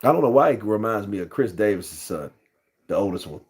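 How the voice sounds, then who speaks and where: A man's voice: on the low side, big pitch swings, fairly quick, a little mellow, husky. A man with a cold hosting a casual boxing news livestream, rambling with lots of fillers and greeting viewers in the chat. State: has a cold.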